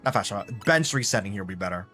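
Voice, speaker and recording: A man's voice: on the low side, lively intonation, very fast, bright, forceful tone, faint music behind. A man live-streaming a video game, chatting casually and rambling to his viewers. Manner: chatty, rambling, talks to chat. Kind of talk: casual gameplay commentary.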